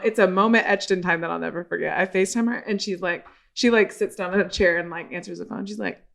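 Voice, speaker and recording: A woman's voice: lowish voice, fairly quick, gravelly. A woman guest on a podcast, telling a story in casual chat, acting out what other people said and swearing freely. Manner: animated, acts out quoted dialogue, swears casually.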